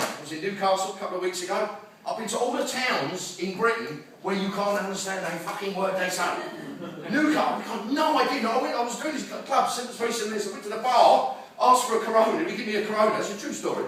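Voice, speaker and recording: A man's voice: sits high, quick pace. An older man doing a crude, boisterous stand-up set, bantering with the crowd in a club. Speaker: stand-up comedian headliner. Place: comedy club stage. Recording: echoey club from far off with loud crowd. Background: audience laughing.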